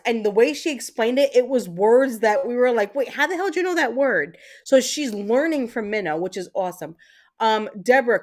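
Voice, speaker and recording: A woman hosting a livestream, chatting casually with her viewers in a rambling way, full of fillers and the odd swear word. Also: medium pitch. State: mentally exhausted. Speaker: livestream host. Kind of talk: casual chat with live viewers.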